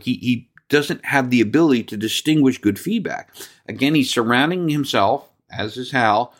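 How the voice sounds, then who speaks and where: A man's voice: medium pitch, fairly bright tone. A man from New Jersey hosting a solo sports talk podcast, ranting angrily with profanity and sarcasm.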